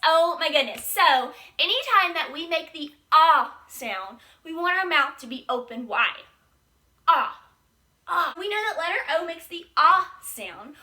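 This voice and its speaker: Young woman teacher doing a phonics lesson for little kids, bright sing-song voice, high and bouncy. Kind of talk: early-grade phonics lesson.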